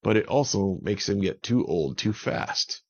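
A man's voice: on the low side, lively intonation, unhurried, creaky, husky, full character voice. Guy doing a freaked-out dad in a kids' story, raised voice, dull lo-fi sound. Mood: urgent. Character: startled, worried father of a boy. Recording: dull lo-fi recording.

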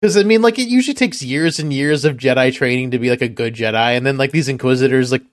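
Male podcast host, loose rambling delivery, mid pitch, dry close-mic sound. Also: dry recording. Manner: rambling, halting, chuckles often. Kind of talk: casual chat.

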